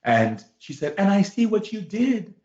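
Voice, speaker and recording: A man's voice: sits high, sing-song, a little slow, darkish tone, voice pushed up. A man putting on the voice of a young woman who wants a baby, indignant at first, then tearful and grateful. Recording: echoey room, dull sound.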